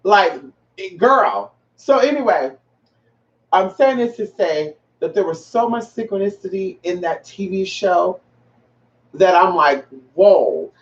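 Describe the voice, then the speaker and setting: A woman's voice: medium pitch, animated, measured pace. A transgender woman hosting a casual livestream, chatting with viewers in a sassy, profane way and calling them honey and girl. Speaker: livestream host. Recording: roomy, distant, dull lo-fi sound.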